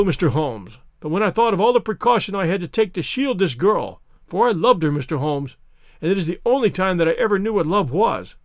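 A man plays a passionate, lovestruck young gentleman who pleads his case earnestly and with heat. The voice is fairly high for a man, and the sound is dry and close. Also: no room sound. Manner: earnest, impassioned. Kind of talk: audiobook character reading.

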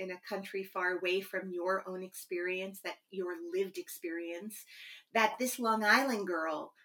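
A woman's voice: mid-range voice, fairly bright tone. A woman hosting a podcast interview, speaking in a gushing, effusive way to her guest and then closing the show. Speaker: podcast host.

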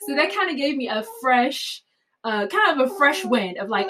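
A woman with a somewhat high voice recounts a personal story. She talks in a loose, animated way, full of fillers and quick laughs. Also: a crowd in the background, rough recording. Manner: animated, chatty, many fillers like "like" and "um", laughs often. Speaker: mother telling her birth story.

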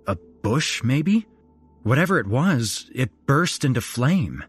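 A man's voice: medium pitch, a little slow, slightly rough, soft background music. A man reading a first-person horror story in dramatic scripted narration. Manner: dramatic, expressive. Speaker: horror podcast host.

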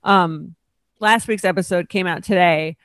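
A woman's voice: lowish voice, unhurried, a bit bright, no room sound. Woman with a slight braces lisp. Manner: chatty, frequent fillers. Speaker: podcast co-host. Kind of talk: casual chat. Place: her apartment, recorded over a video call.

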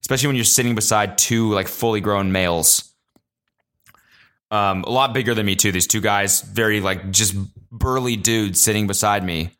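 A young man hosting a casual solo podcast, telling animated stories with lots of swearing and high-pitched acted-out quotes. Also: normal speed. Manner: animated storyteller, swears a lot, jumps high in pitch when acting out quotes. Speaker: podcast host.

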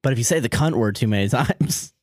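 A man's voice: mid-range voice, animated, brisk, darkish tone, no echo, clean studio sound. Joking, foul-mouthed male podcast co-host. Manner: joking, laughs often, swears freely. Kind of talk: casual profane chat.

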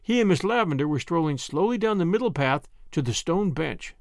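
A man's voice: on the high side, animated, a little fast, hardly any pauses, dry recording, studio quality. A man narrating a classic story and hosting a podcast, reading expressively. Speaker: audiobook narrator and podcast host.

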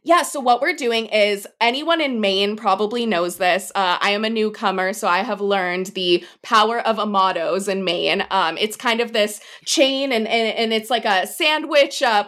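A young adult woman as a podcast guest in casual chat, giggly and excited, rambling a little. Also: mid-range voice, normal speed, few pauses.

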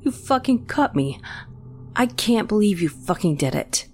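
A woman's voice: mid-range voice, very animated, unhurried, a little mellow, slight background noise, pitched above the performer's own voice. A woman voicing an exasperated, skeptical young adult man arguing with his sister. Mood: angry. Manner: exasperated, pleading.

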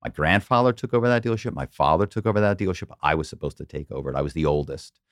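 A middle-aged man from the Philadelphia area, an animated storyteller who slips into quoted voices as a podcast guest. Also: deep voice, rapid-fire, no room sound, clean studio sound. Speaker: podcast guest, former corporate spy. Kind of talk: casual interview storytelling.

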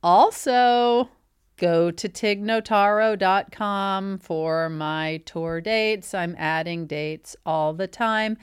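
Woman, podcast co-host, dry deadpan delivery, unhurried, resonant clean tone. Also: lowish voice, clean tone. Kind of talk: casual chat.

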